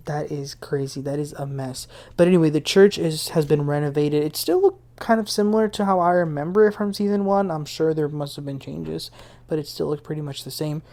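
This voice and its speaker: A woman's voice: deep voice, brisk, warm tone. A woman hosting a casual reality TV recap, retelling scenes in a chatty way with her own opinions and asides. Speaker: TV recap host.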